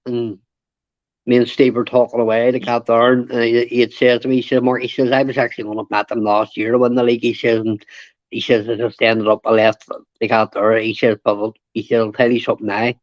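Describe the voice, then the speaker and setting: A man's voice: medium pitch, level tone, brisk, dry recording. A man joining a live panel to chat about football, rambling and repeating himself. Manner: rambling, repeats himself, retells what others said. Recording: dry, dull lo-fi call audio.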